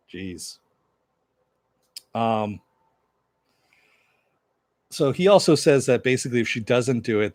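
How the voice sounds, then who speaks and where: A man's voice: lowish voice, no room sound. A man giving a casual, rambling recap of a TV episode, full of fillers and asides to viewer chat. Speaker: TV show reviewer.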